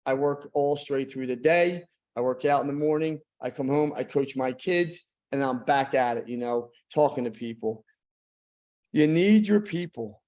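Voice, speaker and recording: Blunt motivational man with a mellow voice. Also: medium pitch. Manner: blunt, emphatic, preachy. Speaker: guest speaker. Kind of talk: motivational talk.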